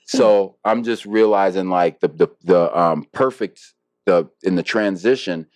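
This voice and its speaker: A man's voice: sits low, unhurried, darkish tone, no room sound. A man, a harpist guest in an interview, talking casually and reflectively with many fillers and restarts.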